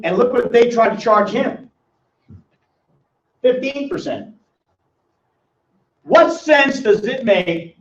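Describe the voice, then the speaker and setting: An older man teaching a live money seminar, quizzing audience members by name with a teasing manner. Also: high-pitched. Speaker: financial educator. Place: seminar room with small audience. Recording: roomy, distant, dull lo-fi sound.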